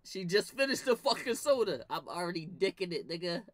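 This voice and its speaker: A young man telling animated, profane comedic stories in a slangy, casual rant to his viewers. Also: sits high, fairly quick, very noisy. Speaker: vlogger.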